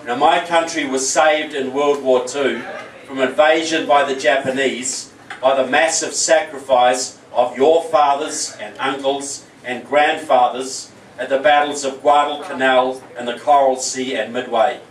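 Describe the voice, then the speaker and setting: A man's voice: medium pitch, fairly even intonation, a little slow, far from the mic, slight background noise. New Zealand man in an echoey hall. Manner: jokey, storytelling, earnest. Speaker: keynote speaker. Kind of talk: political rally speech.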